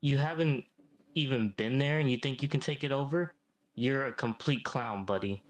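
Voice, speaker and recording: A man's voice: mid-range voice, moderate pace, close to an everyday voice, rough recording. A synthetic male voice playing a smug, ancient devil who keeps calling people "mate". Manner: smug, says "mate" a lot. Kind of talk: AI chatbot role-play.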